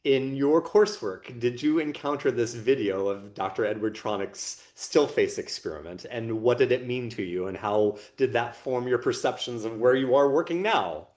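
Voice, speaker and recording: A man's voice: medium pitch, moderate pace, hardly any pauses, a little mellow. Man co-hosting a reflective podcast. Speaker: podcast co-host. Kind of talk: conversational podcast discussion.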